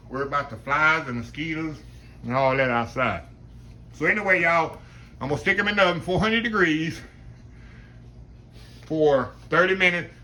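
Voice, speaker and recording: A man with a Southern country accent, talking viewers through a recipe in a home kitchen in an easy, folksy way. His voice sits a little high and has a sharp, forceful edge. Faint noise hums beneath him. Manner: folksy, chatty, keeps addressing viewers as y'all. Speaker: home cooking vlogger. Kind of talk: casual cooking demonstration.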